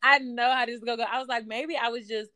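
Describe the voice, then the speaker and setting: A woman's voice: fairly high pitch, quick pace, a loud crowd. A woman telling a story in casual chat, acting out quoted dialogue with lots of fillers. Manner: animated, acts out quoted dialogue, frequent fillers.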